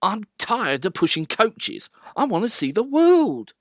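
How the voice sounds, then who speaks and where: A man putting on a small, boastful tank engine with a high, bouncy voice that swoops up and down as it chatters, sometimes excited and sometimes fretful. The storybook reading is close and dry, with no room sound. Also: a little slow, no echo, full character voice. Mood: eager.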